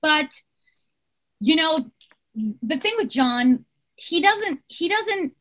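Chatty animated woman on a video call. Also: high-pitched, takes it slowly. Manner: chatty, animated, many fillers and restarts. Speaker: actress guest. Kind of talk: casual interview chat.

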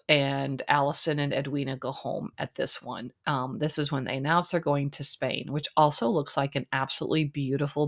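A woman hosting a podcast, giving a chatty, opinionated recap of a reality dating show with lots of ums and likes. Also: low-pitched. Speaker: podcast host.

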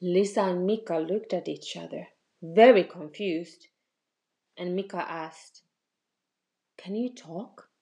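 Lady reading a kids story real slow and gentle. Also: on the low side. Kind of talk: children's story narration.

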